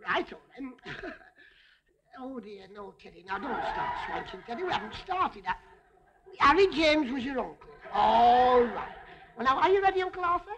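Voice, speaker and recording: A woman's voice: sits high, very animated, normal speed, heavy background noise. A woman entertainer performing a comic stage routine, chatting to a teddy bear and fussing over it, coaxing and laughing as she goes.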